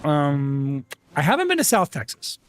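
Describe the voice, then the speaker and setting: A man streaming a game live, chatting casually and greeting viewers by name, with frequent restarts. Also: unhurried. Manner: rambling restarts, animated jumps in pitch. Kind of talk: casual live-stream chat while gaming.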